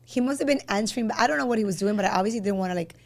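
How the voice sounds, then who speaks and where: A woman's voice: mid-range voice, very fast, creaky, darkish tone. A young woman co-hosting a casual podcast chat, rambling and full of restarts and laughs. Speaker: podcast co-host.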